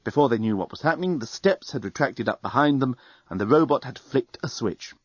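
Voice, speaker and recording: A man reads a novel aloud with expressive, animated storytelling, his pitch rising and falling freely. The recording is very dry with a somewhat muffled top end. He sits in the middle of the usual pitch range. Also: brisk, husky, dry recording. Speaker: audiobook narrator. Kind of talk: audiobook narration. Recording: dry, dull studio recording.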